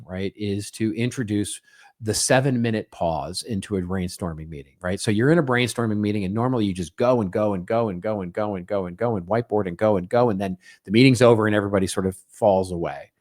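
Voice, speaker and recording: A middle-aged man talks through ideas alone on his podcast, in a lowish voice. He keeps things conversational, checks in with a quick "right?", and slips into short acted-out snippets of everyday small talk. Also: a little mellow. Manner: conversational, frequent "right?" tags, acts out small quoted exchanges. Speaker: podcast co-host. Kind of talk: solo podcast monologue.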